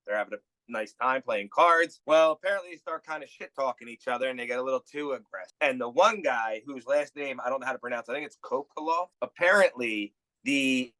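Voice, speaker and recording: A man co-hosting a podcast, telling a story in a slangy, animated way. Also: medium pitch, a little fast, few pauses, dry recording, low-quality recording. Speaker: podcast co-host. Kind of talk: casual podcast chat.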